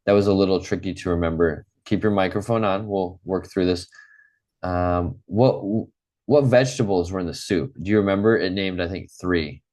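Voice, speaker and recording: A male English teacher with a very low voice leads an online class. He is patient and encouraging, and he says each word slowly and clearly so his students can repeat it. He sounds like a teacher used to drilling vocabulary. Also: a little mellow.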